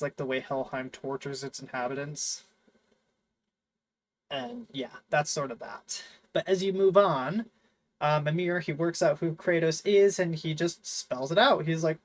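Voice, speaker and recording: A man's voice: fairly high pitch, rough recording. A man hosting a casual chat, rambling and enthusiastic, full of fillers and restarts. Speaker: host.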